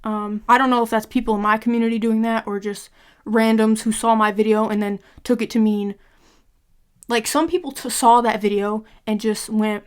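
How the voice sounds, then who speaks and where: A young woman in a vlog rants at her audience in a blunt, exasperated way and swears often. Her voice sits a little high for a woman. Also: fairly even intonation, moderate pace, smooth. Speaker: gaming content creator. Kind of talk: ranting vlog monologue.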